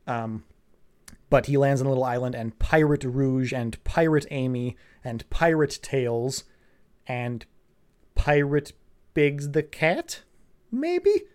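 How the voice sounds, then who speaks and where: A man's voice: mid-range voice, sing-song, slow pace, darkish tone. A man giving a rambling, sarcastic and profane comedic recap of a cartoon plot. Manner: sarcastic, rambling, swears a lot. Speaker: show recapper.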